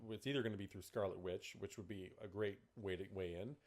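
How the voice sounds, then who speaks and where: A man's voice: on the low side, quick pace, darkish tone. A man co-hosting a podcast in casual chat. He rambles, swears freely and keeps steering the topic. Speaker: podcast co-host.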